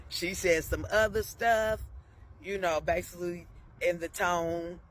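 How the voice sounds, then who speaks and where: A woman's voice: lowish voice, steady tone, slow pace, long pauses, a little hiss or hum. A woman telling a personal story in a casual, chatty way, often laughing and turning to her listeners with "y'all" and "okay?". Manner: laughs often between sentences.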